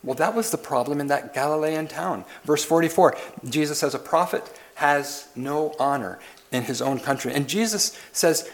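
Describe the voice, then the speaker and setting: A man's voice: a little high, moderate pace. A man preaching a sermon as pastor, pressing his listeners with questions and repeated lists. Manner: questioning, building emphasis through repetition.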